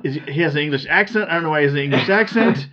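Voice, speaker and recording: A man's voice: a little high, expressive, very fast, heavy background noise. A man in casual chat, rambling and chatty, often laughing at his own stories. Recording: slightly dull lo-fi sound.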